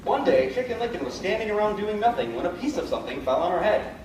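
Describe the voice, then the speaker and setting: A man playing a fussy, put-upon narrator who tells stories with a quick storyteller's patter and exasperated asides. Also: high voice, very animated, very noisy. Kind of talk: live stage comedy acting. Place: large indoor stage. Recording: echoey hall from far off, loud audience.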